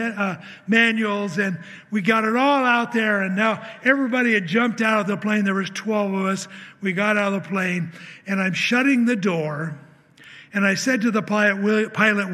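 A man's voice: high-pitched, bright, forceful tone. A man preaching a sermon, telling a personal story in an earnest way, acting out the dialogue and often restarting his sentences. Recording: long hall reverb.

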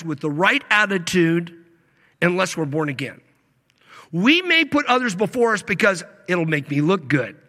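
A male pastor delivering a sermon, stretching key words slowly and swinging between loud emphasis and hushed asides. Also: high-pitched. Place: church sanctuary. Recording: long reverb of a large hall.

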